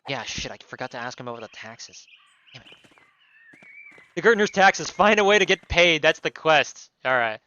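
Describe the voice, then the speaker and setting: A man's voice: fairly high pitch, big pitch swings, normal speed, sharp tone, lo-fi sound, slight background noise. Casual, joking male streamer. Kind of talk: game playthrough commentary.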